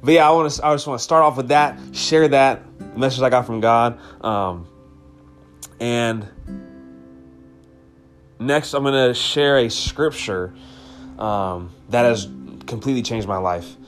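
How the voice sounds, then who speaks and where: A man's voice: medium pitch, a little slow, pauses often, soft background music. A man hosting a devotional podcast episode, speaking earnestly and with emotion, repeating key phrases for emphasis. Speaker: podcast host.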